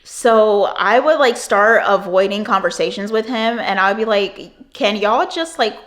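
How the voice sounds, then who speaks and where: A young woman in her twenties tells a personal story to camera in a casual, rambling way. Her talk is full of "like" fillers and she swears often. Her voice sits in an ordinary middle pitch. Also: measured pace, a bit bright. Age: 20s. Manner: rambling, profane, many "like" fillers. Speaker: vlogger.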